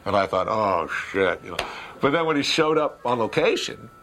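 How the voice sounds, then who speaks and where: A man in a candid interview, telling behind-the-scenes stories with animated retellings and laughter. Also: on the low side, normal speed, slight background noise. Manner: lively storyteller, acts out voices, laughs. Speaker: filmmaker recalling a production.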